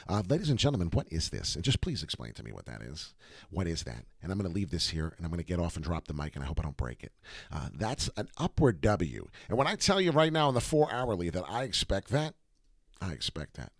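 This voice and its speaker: A man's voice: low voice, very animated, brisk, gravelly, no echo, clean studio sound. A man hosting a live crypto market stream, brash and hype-driven, swearing casually as he talks. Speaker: crypto livestream host.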